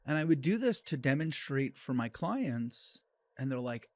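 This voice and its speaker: A man of middle pitch speaks on a solo podcast as a dog trainer. His delivery is blunt and opinionated, coming in quick bursts with restarts. The recording is close and dry, with no room sound. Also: sing-song, a little mellow, no room sound.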